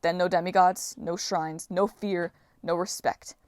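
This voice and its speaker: A woman voicing a quick-witted teenage male demigod hero who talks in a persuasive, fast-talking way, reading an audiobook. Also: fairly low pitch, steady tone, a little mellow, no echo, clean studio sound, lightly acted.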